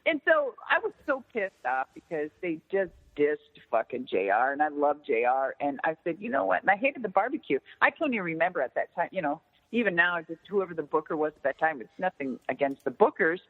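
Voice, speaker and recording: A woman's voice: deep voice, a little fast, breathy edge. A middle-aged woman, a former wrestler, telling stories in a casual interview, swearing freely and acting out what others said. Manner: profane, animated, acts out others' lines. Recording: tinny phone-line audio with long reverb.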